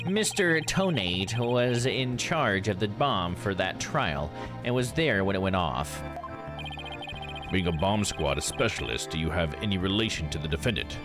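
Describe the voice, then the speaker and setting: Man putting on a smug young prosecutor voice, slow haughty drawl, lively swooping pitch, game music behind.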